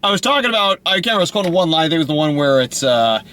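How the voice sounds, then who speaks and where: A young man with a high, bright voice that swoops up and down as he chats casually. He rambles with fillers and laughs easily, and a faint hiss sits behind him. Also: sing-song, very fast. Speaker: podcast co-host. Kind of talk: casual chat.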